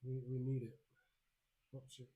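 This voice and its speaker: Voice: medium pitch, level tone, moderate pace. A game master narrating a tabletop game, laughing often and swearing casually. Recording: loud background music.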